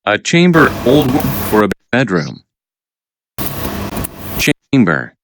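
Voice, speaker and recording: A man reading out vocabulary words and their definitions, halting and repeating each word after explaining it. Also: medium pitch, wildly swooping pitch. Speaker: vocabulary teacher. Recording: noisy recording with clicks.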